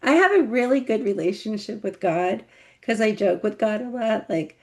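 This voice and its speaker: A middle-aged woman with one paralyzed vocal cord, a memoir author telling her life story in an interview, animated and laughing. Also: medium pitch, normal speed. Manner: animated, laughing, acts out quoted voices.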